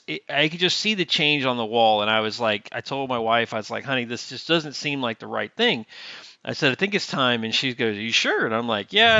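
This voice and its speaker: Lively storytelling man, dull lo-fi audio. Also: mid-range voice, no echo. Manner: lively storyteller who acts out quoted dialogue. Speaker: guest, Navy veteran. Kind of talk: casual storytelling interview.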